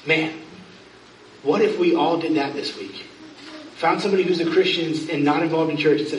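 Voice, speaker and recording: A man in his thirties preaching a sermon as pastor, talking in a conversational, emphatic way with quick asides. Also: fairly high pitch, slight background noise. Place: church sanctuary. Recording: roomy church sound, distant mic.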